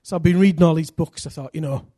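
Fast and a little high-pitched, a middle-aged Englishman gives a sermon rich in personal stories. He brings energy and self-deprecating humor, stressing points with loud outbursts. The recording is studio quality, with no room sound.

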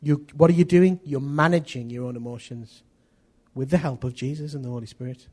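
A middle-aged man preaching a sermon, animated, acting out little dialogues as he tells stories. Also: medium pitch, brisk. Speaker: pastor.

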